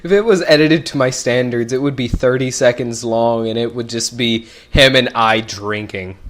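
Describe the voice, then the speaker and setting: A man's voice: mid-range voice, normal speed, fairly bright tone. Rambling young man hosting a podcast. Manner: rambling, laughs often. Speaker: podcast host. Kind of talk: casual chat.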